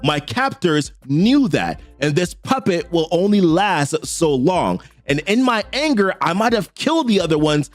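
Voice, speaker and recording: A man voicing a sadistic, mocking female sorcerer in a slow, teasing drawl. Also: fairly high pitch, sing-song, no room sound, soft background music. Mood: taunting.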